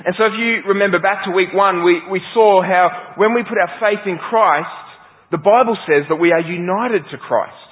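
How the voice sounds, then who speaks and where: A man preaching to his congregation, earnest and searching as he puts questions to them. His voice sits a bit high for a man. The sound is narrow and phone-like, with long reverb from the church hall. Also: normal speed. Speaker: pastor. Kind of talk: sermon.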